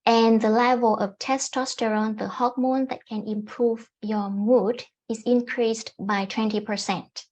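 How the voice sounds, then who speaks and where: A woman life coach giving calm, gently instructive self-help advice to camera, often repeating her points. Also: on the high side, unhurried, few pauses, lo-fi sound.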